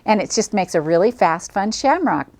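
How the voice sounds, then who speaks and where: A woman's voice: mid-range voice, animated, moderate pace, darkish tone. A middle-aged woman hosting a quilting tutorial, chatting cheerfully and folksily as she demonstrates each step. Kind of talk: friendly craft demonstration.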